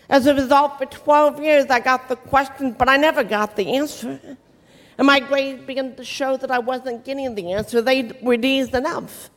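A deaf woman giving an inspirational faith talk. Her speech is distinctive and sounds accented, and she articulates slowly and carefully. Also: sits high. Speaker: inspirational speaker. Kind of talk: motivational faith talk to an audience. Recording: long reverb of a large hall.

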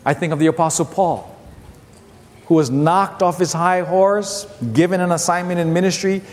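A male pastor in his fifties delivers a lively sermon, repeating his key phrases and slipping into his family's voices. His voice sits high for a man. A long hall reverb trails each phrase. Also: moderate pace. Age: 50s.

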